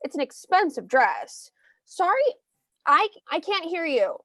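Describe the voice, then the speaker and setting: A woman playing a beaten young election observer in a staged play reading, speaking in halting, broken phrases. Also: extremely high pitch, very animated, pushed and bright, no room sound, studio quality, full character voice. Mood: dazed.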